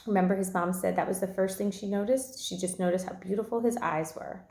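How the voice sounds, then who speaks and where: Teacher read-aloud, calm steady woman, mid pitch, echoey room. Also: a little fast, creaky, few pauses. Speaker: teacher reading a novel aloud. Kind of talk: read-aloud with class questions.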